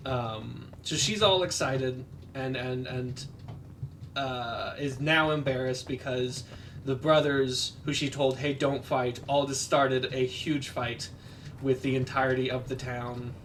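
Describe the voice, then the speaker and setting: A man's voice: medium pitch, steady tone, measured pace, fairly bright tone, far from the mic, slight background noise. A man casually retelling a movie plot while playing a game, rambling with lots of fillers and quoted lines. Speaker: podcast co-host.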